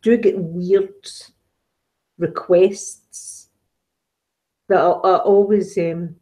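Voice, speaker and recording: Speaking extremely slowly in a warm, lowish voice with fairly even intonation, a Scottish ASMR creator replies to viewers' comments in a casual live chat. Her talk meanders and is sprinkled with fillers.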